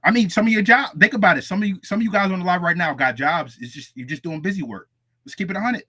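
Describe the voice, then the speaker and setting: A man's voice: sits high, fast talker, sharp tone, slightly rough, dry recording. A man co-hosting a casual livestream chat, who speaks emphatically and repeats his points. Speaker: podcast co-host.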